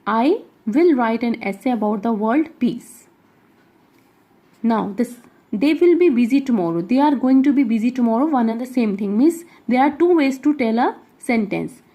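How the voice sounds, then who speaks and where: A woman with an Indian English accent leads a grammar lesson, reading out exercises and explaining them patiently step by step. Her voice is a little high yet warm and mellow, and she keeps checking that her students follow along. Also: lively intonation, unhurried. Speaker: English teacher.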